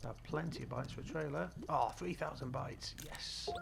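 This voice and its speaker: A British man mutters casually to himself while streaming a game live, with music in the background. His mid-range voice is creaky, at normal speed, with hardly any pauses.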